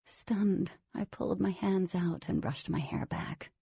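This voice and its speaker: A woman's voice: lowish voice, measured pace, gravelly, mellow, slightly rough, no echo, muffled recording, heavily acted. A woman narrating a novel as a wary teenage girl, in scripted audiobook style.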